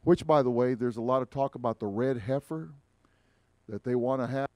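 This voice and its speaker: A man's voice: medium pitch, normal speed, no room sound. Man preaching, dry and close. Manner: preaching with emphatic rises and quiet asides. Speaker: pastor. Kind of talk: sermon. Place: church sanctuary.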